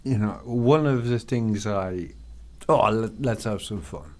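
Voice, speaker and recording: An Englishman with an English accent guests on a podcast, chatting casually and rambling with lots of fillers and frequent swearing. His voice is on the low side, expressive and slow.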